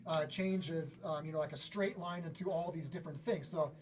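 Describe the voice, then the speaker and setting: A man giving a casual drum lesson in a relaxed, conversational way, often pausing to clear his throat. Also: slight background noise. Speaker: drum teacher. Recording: drum kit playing loudly around the talk. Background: snare, bass drum and hi-hat played by the speaker.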